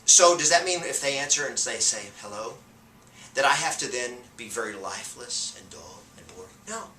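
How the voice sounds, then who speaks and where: Man, sales coach, motivational lesson, sharp forceful tone, emphatic repetition, echoey room with faint ambience. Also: mid-range voice, brisk, a little hiss or hum. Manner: energetic and emphatic, drives points home with repetition; shifts loudness and pace to show a point. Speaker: real estate sales coach. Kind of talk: motivational teaching talk. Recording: roomy sound from a distance off the mic.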